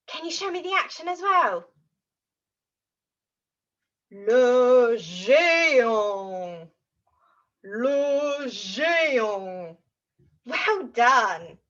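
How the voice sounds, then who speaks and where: A woman teaching French to young children in an animated, exaggerated way, acting out feelings as she goes. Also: high-pitched, highs cut off. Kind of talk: children's language lesson.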